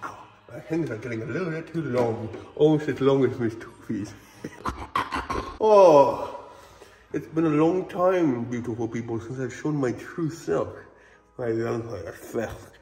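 A man's voice: medium pitch, a little slow, mellow, voice pushed down, close to an everyday voice. A man playing a campy fanged male vampire lord with a put-on vampire accent, theatrical and cackling, outdoors on a ranch. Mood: hammy. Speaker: wildlife ranch owner. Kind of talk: comedic in-character vlog.

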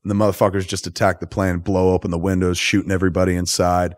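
A man's voice: sits low, level tone, fast talker, dry recording. A man hosting a podcast, recapping a film in a profane, rambling and enthusiastic way. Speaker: podcast host. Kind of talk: casual movie recap.

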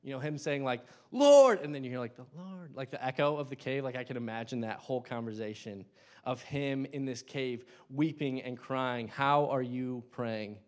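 Young male lay preacher in a church, impassioned, loud then hushed. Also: medium pitch, fairly even intonation, normal speed. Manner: impassioned, swings between loud bursts and hushed asides. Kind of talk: sermon.

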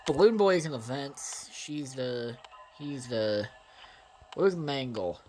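A man giving profane, excitable let's play commentary and talking straight to his viewers. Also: medium pitch, slow pace, pauses often, faint music behind. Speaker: gaming channel host.

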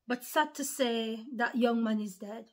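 A woman's voice: fairly high pitch, unhurried. Earnest woman preaching to online followers. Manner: earnest, repetitive, addresses listeners as brothers and sisters. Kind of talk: informal spoken sermon to online followers.

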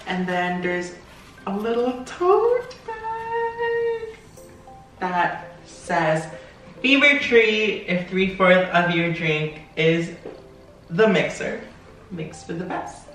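A hyper vlogger unboxing a gift package, gasping and giggling between excited exclamations. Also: male voice, high-pitched, slow pace. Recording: roomy, distant from the mic, with music.

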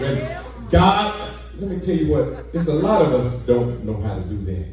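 High-voiced preacher chanting in an echoey hall. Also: male voice, sing-song, slow, a crowd in the background. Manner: joking, chanting sing-song cadence, call and response. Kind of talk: sermon. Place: church sanctuary. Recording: echoey church hall from far off with music.

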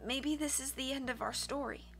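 A woman putting on a sick, bookish teenage boy in a storybook reading. He wheezes through every line in a rough, strained voice that sits a touch high and comes out bright and tense. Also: steady tone, normal speed, faint music behind. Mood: wheezy, strained.

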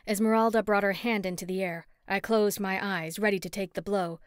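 A woman narrating a first-person story in an expressive, steady audiobook read on a close mic. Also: mid-range voice, moderate pace, hardly any pauses, clean tone, no echo.

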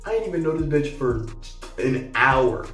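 A young man telling a casual storytime, slangy and animated, acting out both sides of the conversation. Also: medium pitch, normal speed. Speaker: vlogger. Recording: echoey room heard from a distance, faint music.

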